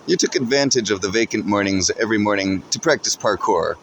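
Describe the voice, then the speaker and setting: Low-voiced man reading a story. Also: fairly quick, a bit bright, a little hiss or hum. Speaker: narrator. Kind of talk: second-person story reading.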